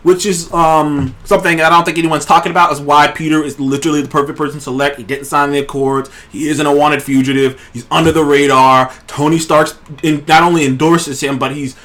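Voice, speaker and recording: A man hosting a casual trailer review show, talking in an excited, rambling way and swearing freely. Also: fairly high pitch, brisk, few pauses. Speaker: show host.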